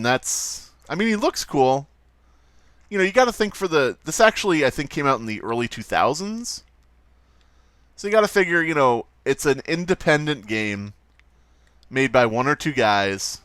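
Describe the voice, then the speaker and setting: A man's voice: medium pitch, a bit bright, clean tone, dry recording. A man hosting a let's play, giving rambling, profane, wry commentary over gameplay.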